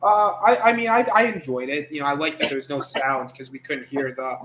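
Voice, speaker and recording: A man's voice: a little high, brisk, few pauses, fairly bright tone, reverberant, slight background noise, poor audio. A man reviewing a film in casual chat, recapping it sarcastically. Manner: sarcastic recapping with mocking character voices.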